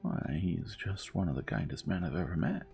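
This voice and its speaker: A man's voice: deep voice, normal speed, creaky, darkish tone, faint music behind. A man voicing a sincere, mild-mannered young woman in a storybook reading. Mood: earnest. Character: earnest, meek young American woman, kindly.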